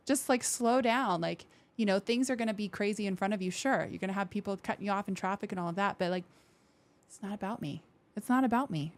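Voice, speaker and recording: A woman veteran speaking as a podcast guest in casual interview talk, candid and expressive, acting out quoted thoughts in lively voices and swearing now and then. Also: mid-range voice. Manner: frank, with occasional swearing.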